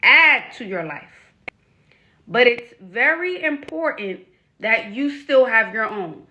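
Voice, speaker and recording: Woman, advice vlogger and life coach; bright, slightly high voice; emphatic, repeats herself, fires off rhetorical questions. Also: animated, a little slow. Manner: speaks frankly to young women. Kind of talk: direct-to-camera advice vlog.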